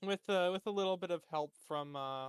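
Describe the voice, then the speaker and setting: A man narrating as game master, halting with fillers as he describes scenes. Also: high voice, clear, resonant tone, no room sound.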